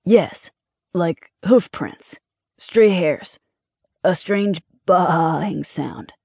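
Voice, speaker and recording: A woman doing a husky, hushed thrill-seeking young man. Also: lowish voice, very slow, dry recording, studio quality, heavily acted. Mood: conspiratorial. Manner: hushed conspiratorial delivery. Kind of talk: audiobook character voice.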